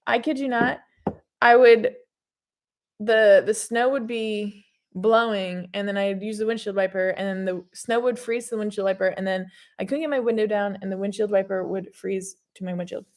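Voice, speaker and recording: A woman's voice: mid-range voice, steady tone, normal speed. A young woman co-hosting a casual livestream, reading out viewer comments and easily getting sidetracked. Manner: chatty, easily sidetracked, laughs often. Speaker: co-host of a livestream Q&A.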